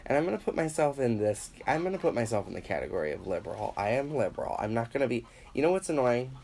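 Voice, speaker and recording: A man doing a casual comedic monologue as a podcast host. He rambles, swears freely, acts out other people's voices, and grows loud and animated when he gets worked up. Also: mid-range voice, fast, gravelly, a little hiss or hum.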